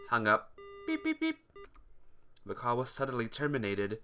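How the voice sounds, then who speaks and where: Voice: medium pitch, huge pitch swings, moderate pace, long pauses, bright, forceful tone. A streamer reading a visual novel aloud, greeting viewers between lines. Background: guitar music.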